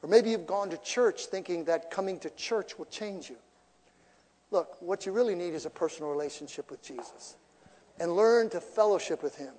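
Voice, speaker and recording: Preaching at a moderate pace, this male pastor has a strikingly high voice that echoes through the sanctuary with a long reverb tail. His sermon is playful and lively, sprinkled with jokes and remarks aimed at the congregation.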